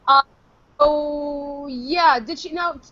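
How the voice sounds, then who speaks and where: A woman's voice: sits high, very slow, sharp tone, no room sound, highs cut off. A woman co-hosting a casual podcast chat, teasing and crude, laughing often. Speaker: podcast co-host.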